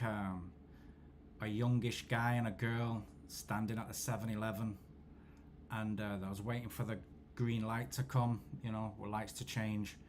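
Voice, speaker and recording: A man's voice: a little mellow, slight background noise. Laid-back man rambling. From England. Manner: rambling, self-deprecating, low-key. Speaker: football watchalong host. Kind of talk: casual storytelling chat.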